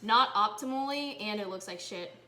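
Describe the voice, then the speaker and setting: A woman's voice: mid-range voice, moderate pace, heavy background noise. A woman vlogger chatting offhandedly while cooking in a home kitchen. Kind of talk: casual cooking demonstration.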